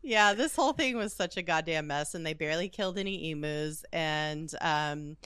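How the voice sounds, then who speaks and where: Low-voiced profane woman podcaster. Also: normal speed, smooth, no echo, clean studio sound. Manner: profane, animated, laughs a lot. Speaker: podcast co-host. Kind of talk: casual storytelling chat.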